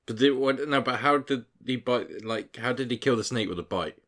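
A man with a mid-pitched, bright voice, chatting on a podcast. He laughs easily and nudges his friends back to the next story. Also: moderate pace. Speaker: podcast co-host. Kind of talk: casual banter.

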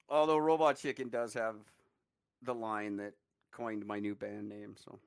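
A man's voice: fairly low pitch, vocal fry, clear, resonant tone, dry recording. A man co-hosting a podcast, telling rambling, profane stories between bursts of laughter. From Canada. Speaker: podcast co-host. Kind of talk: casual chat.

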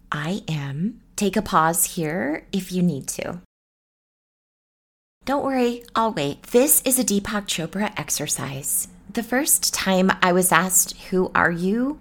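Middle-aged woman hosting a solo podcast, warm teacherly encouragement with playful asides. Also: mid-range voice. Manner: playful, encouraging, speaks straight to the listener. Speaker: podcast host and meditation teacher.

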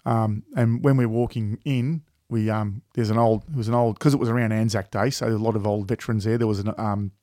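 A man's voice: fairly low pitch, fairly even intonation, fairly quick, few pauses, warm tone, no echo, studio quality. A man with an Australian accent, co-hosting a podcast in casual chat, rambling with many fillers and frequent swearing. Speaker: podcast co-host.

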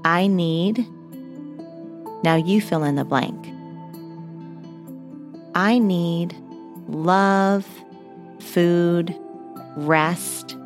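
A gentle woman with a lower voice guides children through a mindfulness story and breathing exercises. She speaks very slowly and calmly, like she is leading a family exercise. Faint music plays behind her. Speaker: host of children's mindfulness podcast.

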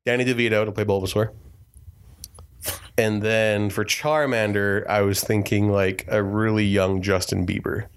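A man in a casual group chat, teasing the others and cracking quick jokes. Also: fairly low pitch, flat delivery, smooth.

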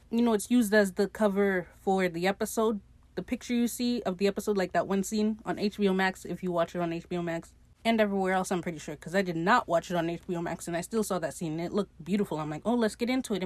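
Young woman going off about a tv episode, sarcastic, swears a lot, dry close mic, middle pitch. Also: dry recording. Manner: chatty, sarcastic, swears casually, laughs at her own jokes. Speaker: podcast host recapping a TV episode. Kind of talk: casual solo recap podcast.

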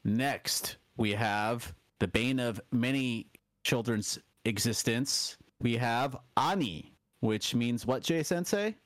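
Unhurried male co-host, playful quips, dry close mic. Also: medium pitch, dry recording. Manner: joking, drawn-out prompts, leads the word list. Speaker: podcast co-host, learner. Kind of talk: casual podcast lesson.

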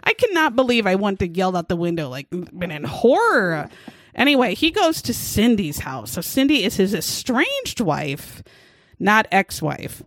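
A woman hosting a podcast, retelling a true-crime story in a casual, animated way and laughing often. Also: mid-range voice, unhurried, no echo. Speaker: podcast host.

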